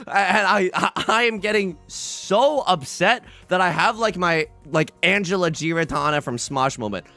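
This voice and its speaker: A man's voice: high-pitched, measured pace, soft background music. A man livestreaming and chatting casually, telling rambling stories full of restarts, swearing and asides. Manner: rambling animated storytelling with many restarts and swearing.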